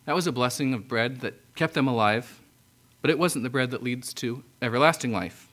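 A man preaching, reading scripture verse by verse and explaining it in a conversational way, with frequent throat-clearing. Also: medium pitch, moderate pace, a bit bright.

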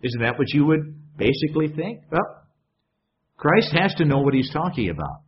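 Male pastor with a fairly high, lively voice, preaching conversationally and quizzing the congregation; muffled recording. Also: normal speed. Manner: conversational, asks the congregation questions. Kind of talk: sermon. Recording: dull lo-fi sound.

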